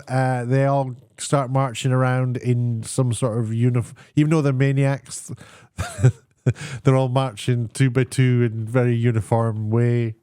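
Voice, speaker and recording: A man giving a casual spoken TV review, sarcastic and meandering, often pausing to search for words. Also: mid-range voice, a little mellow, clear, resonant tone, no echo, studio quality.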